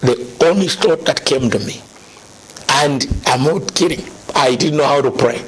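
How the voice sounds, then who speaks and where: A middle-aged man telling his conversion story as a guest, animated and laughing now and then. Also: mid-range voice, normal speed, husky. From Zambia. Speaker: guest sharing testimony.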